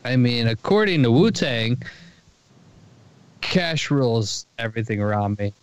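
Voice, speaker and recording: A man's voice: mid-range voice, animated, unhurried, a little hiss or hum. A man co-hosting a podcast in casual chat, joking and riffing crudely. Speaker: podcast co-host.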